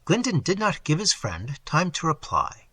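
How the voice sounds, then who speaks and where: A male audiobook reader narrates in a measured, expressive way, his pitch rising and falling widely. His voice is bright and somewhat husky, and it sits close and dry on the mic. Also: no echo. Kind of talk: scripted narration.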